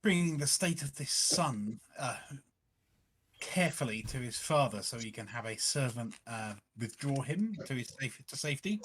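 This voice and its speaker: A man's voice: medium pitch, lively intonation, moderate pace, a bit bright, slight background noise. Man thinking aloud as a game player. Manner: thinks aloud with many fillers. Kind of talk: casual tabletop game play.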